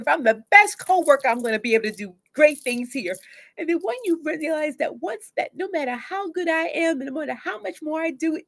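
A woman therapist talking casually to camera about grief and letting go, acting out inner voices with sudden swings in pitch and loudness. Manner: conversational, casual slang.

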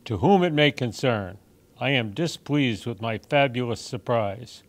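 Storybook tomcat, fussy and fed up, slow and prim, read by a man. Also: mid-range voice, lively intonation, natural voice. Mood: huffy.

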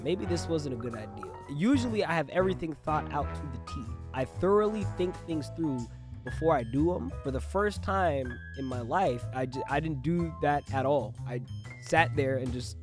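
A young man spins a comedic tale in loose street slang, his voice sitting a little high. He jumps between loud outbursts and hushed asides. Faint music plays under him. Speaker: storyteller. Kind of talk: comedic storytelling monologue.

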